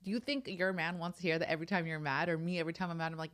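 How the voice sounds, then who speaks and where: A young adult woman co-hosting a casual sister chat, blunt and animated, swearing as she tells stories. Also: fairly low pitch, rapid-fire. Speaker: podcast co-host.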